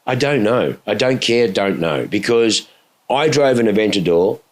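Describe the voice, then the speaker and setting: Profane, animated man. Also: lowish voice, normal speed. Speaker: podcast host. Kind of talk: casual chat.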